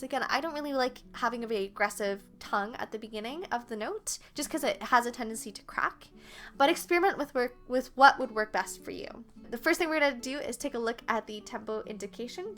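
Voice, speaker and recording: A young woman gives a patient, step-by-step flute lesson, counting beats aloud as she explains. Her voice is bright and sits fairly high. Faint music plays softly in the background. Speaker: flute teacher.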